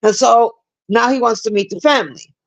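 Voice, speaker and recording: A woman's voice: on the high side, brisk, muffled recording. A woman giving a casual, rambling movie review on a livestream, blunt and profane, chatting with viewers in between. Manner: chats with live viewers.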